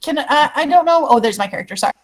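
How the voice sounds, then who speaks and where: Woman, tabletop player, very high, giggly, excitable chat. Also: very fast, rough recording. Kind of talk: casual game-table chat.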